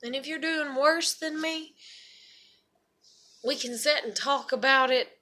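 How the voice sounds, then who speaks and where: A woman's voice: sits high, a little slow, pushed and bright. A woman talking to her viewers in a rambling, profane, emotional confessional vlog. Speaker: mother vlogging to her viewers.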